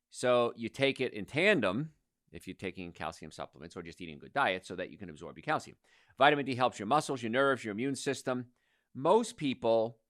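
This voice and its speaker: A man's voice: fairly low pitch, fairly bright tone, no echo, clean studio sound. A middle-aged man hosting a health talk, giving an informal, emphatic lecture to an audience and repeating his key advice.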